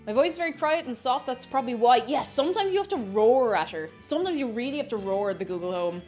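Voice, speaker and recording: A woman's voice: on the high side, expressive, fast talker, a little mellow, soft background music. An Irish woman streaming live as she bakes, chatting in a rambling way and greeting viewers from chat. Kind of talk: casual chat while baking on stream.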